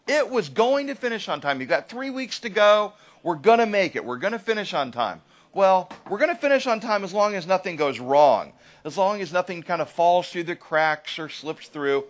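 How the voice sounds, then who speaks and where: A man giving a live lecture to an audience as an agile trainer, animated and often checking in with "right?". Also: sits high, moderate pace.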